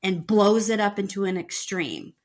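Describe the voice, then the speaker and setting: A woman's voice: mid-range voice, moderate pace. A woman co-hosting a podcast, chatting casually and arguing her points emphatically. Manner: emphatic, argumentative. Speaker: podcast co-host. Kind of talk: casual chat about a reality show.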